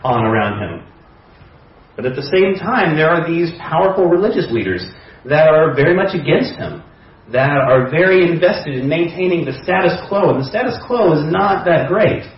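A man's voice: a little high, lively intonation, moderate pace. A man preaching a sermon, retelling a story conversationally with imagined dialogue. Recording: echoey hall, distant mic, dull sound.

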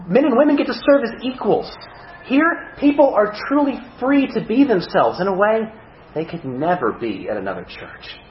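Animated high-pitched man preaching. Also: reverberant, lo-fi sound, slight background noise. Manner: animated, self-mocking humor. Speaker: pastor. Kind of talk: sermon.

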